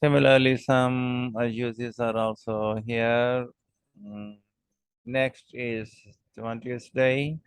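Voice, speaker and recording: Slow, deliberate male English teacher. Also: mid-range voice, flat delivery, clean tone, no room sound, low-quality recording. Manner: slow, deliberate, with frequent "uh" and "okay?" checks. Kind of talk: recorded lesson reading example sentences.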